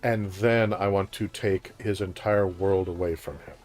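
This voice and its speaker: A man's voice: low-pitched, fairly even intonation, unhurried, a little mellow. Wry older New man. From New York. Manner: wry, dryly theatrical. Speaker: co-host playing the game. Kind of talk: casual gaming chat.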